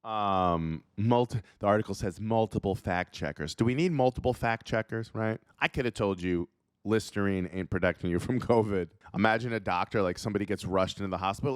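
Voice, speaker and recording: A man's voice: moderate pace, dry recording, studio quality. A comedian host riffing casually, joking and laughing at his own bits. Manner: jokey, laughs at his own bits, jumps into silly high voices.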